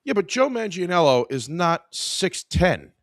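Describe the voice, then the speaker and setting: A man's voice: high voice, very animated, measured pace, dry recording, studio quality. A man hosting a podcast, telling a story in a casual, profane, exasperated way. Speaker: podcast host.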